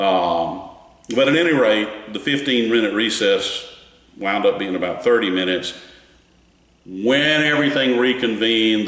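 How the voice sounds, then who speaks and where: A man with a Southern US accent giving a folksy, animated spoken recap of a court trial. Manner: animated, folksy storytelling with wide pitch swings. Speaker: courtroom commentator. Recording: echoey room with long reverb.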